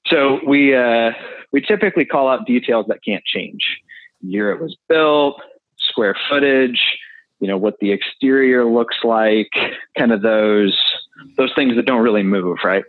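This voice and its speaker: A man's voice: mid-range voice, measured pace, dry recording. A man explaining real estate deals as an interview guest, talking through figures with fillers. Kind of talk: casual interview answers. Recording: tinny phone line.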